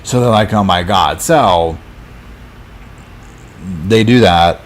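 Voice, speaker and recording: Low-voiced casual true crime host. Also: male voice, slow pace, slight background noise. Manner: casual storytelling, acts out quotes, lots of fillers. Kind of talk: live chat recap of a docuseries.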